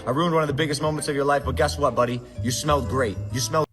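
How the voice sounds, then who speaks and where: A man in a played video clip, giving a deadpan apology to his brother. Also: medium pitch, racing, natural voice. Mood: sheepish. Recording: reverberant clip with music behind.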